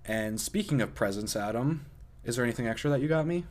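A man's voice: medium pitch, animated, fast talker. A young man co-hosting a podcast in casual chat, joking around and laughing often. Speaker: podcast co-host.

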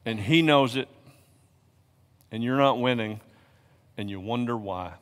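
A male pastor preaching a sermon in a church, swinging from hushed, quiet lines to loud, shouted exhortations. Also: medium pitch, unhurried, smooth. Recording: long reverb of a large hall.

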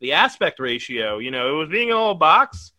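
A man co-hosting a casual film review podcast, animated and rambling, swearing often. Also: fairly high pitch, fairly quick, dry recording. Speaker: podcast co-host.

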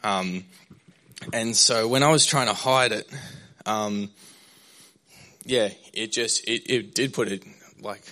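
A man's voice: lowish voice, slow, long pauses, bright, forceful tone. A young man, a pastor, sharing a candid personal testimony in a sermon, rambling with fillers and restarts.

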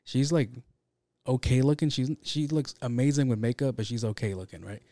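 A man's voice: mid-range voice, a little fast, dark tone, no echo. Rambling, profane podcast host man. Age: adult with kids. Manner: rambling, profane, heavy with fillers. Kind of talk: casual solo podcast chat.

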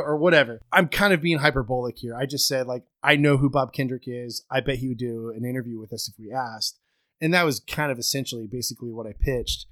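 A man's voice: on the high side, fairly bright tone. Rambling self-deprecating man podcasting. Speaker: podcast co-host. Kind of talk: casual chat. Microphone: home microphone, remote call.

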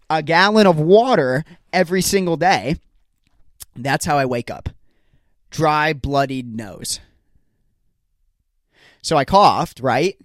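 A young man hosts his own comedy podcast, talking alone into a studio microphone. He rambles from story to story with an exasperated, self-deprecating edge, and his voice sits a little high. The recording is dry and close, with no room sound. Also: no echo. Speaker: podcast host. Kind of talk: solo comedic podcast rant.

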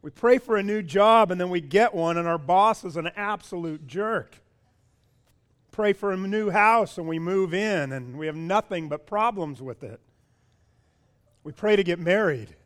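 A man with a high-pitched voice delivers a sermon as pastor. He is animated and keeps turning questions on his listeners, often repeating words as he goes. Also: unhurried, long pauses.

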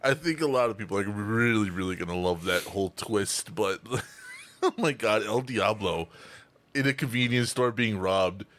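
A man in casual improv banter, excitable and crude. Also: fairly low pitch, moderate pace. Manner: excitable, swearing, laughing often.

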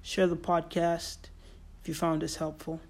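An earnest solo podcaster talking straight to listeners about a point they care about. The delivery is emphatic and repeats key phrases to drive them home, with a middle-pitched voice that sits between typical male and female ranges. Quoted remarks are briefly acted out along the way. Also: level tone, a little slow. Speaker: podcast host. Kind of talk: solo motivational podcast monologue.

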